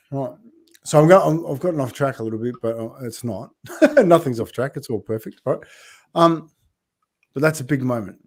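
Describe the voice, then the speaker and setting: A man's voice: medium pitch, animated, normal speed, pauses often, a little mellow. A man hosting a live video-call interview, upbeat and chatty, with frequent restarts and "right?" tags. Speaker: interview host. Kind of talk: casual live-stream interview.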